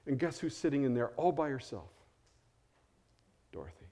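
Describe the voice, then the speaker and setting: A middle-aged man, a pastor, telling stories in a sermon in a conversational way, going soft and low when he quotes people. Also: big pitch swings, normal speed. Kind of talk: storytelling sermon.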